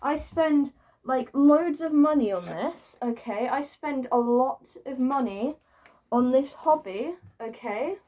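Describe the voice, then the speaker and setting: A woman with a somewhat high voice rants to her camera in a loose, chatty way. She swears freely, giggles, pokes fun at herself and piles up repeated words for emphasis. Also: lively intonation, takes it slowly, warm tone. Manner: giggly and self-mocking. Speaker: vlogger. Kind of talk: casual rant to camera.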